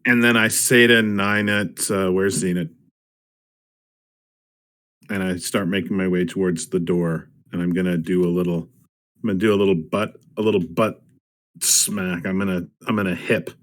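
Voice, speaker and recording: A man's voice: low voice, moderate pace, a bit bright. A man playing a tabletop game online, joking and hesitant with many restarts, on a computer mic. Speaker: player. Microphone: computer mic on an online call.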